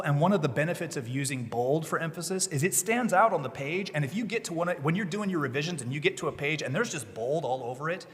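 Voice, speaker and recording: A man presenting a legal writing session at a conference, explaining in a conversational, emphatic way. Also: fairly high pitch. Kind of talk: conference talk. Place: conference room. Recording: long reverb of a conference hall.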